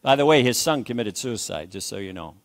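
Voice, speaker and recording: A man's voice: mid-range voice, expressive, a little fast. An older man preaching a sermon as pastor, emphatic, repeating phrases and calling for amens.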